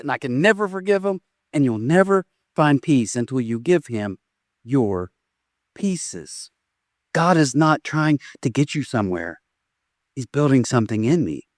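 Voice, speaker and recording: A man in his forties, a pastor, preaching a sermon with lively storytelling that swings between raised, excited phrases and quiet, soft endings. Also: mid-range voice, no echo, clean studio sound. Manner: animated storytelling with sudden rises and soft drops. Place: church stage.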